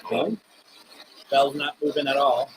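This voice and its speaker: A man's voice: mid-range voice, little pitch movement, unhurried, a little hiss or hum, low-quality recording. A man hosting a live spirit box stream, talking to spirits and reading out viewer comments.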